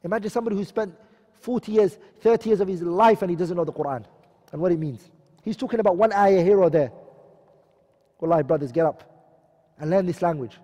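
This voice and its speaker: High-voiced guy giving an earnest religious lecture, lots of echo, quizzes the crowd then answers himself. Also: mellow. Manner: earnest, exhorting, asks and answers his own questions; recites Arabic quotations quickly, then translates slowly. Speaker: Islamic teacher.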